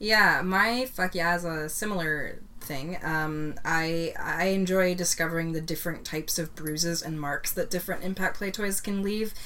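A woman's voice: lowish voice, normal speed, hardly any pauses, sharp tone, recorded from a distance, slight background noise. A woman hosting a podcast in casual chat, playful and punning, laughing often. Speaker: podcast host.

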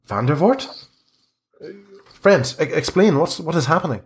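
A man voicing a flustered priest who speaks in high, bewildered exclamations. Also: animated, normal speed, close to an everyday voice. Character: flustered middle-aged male priest.

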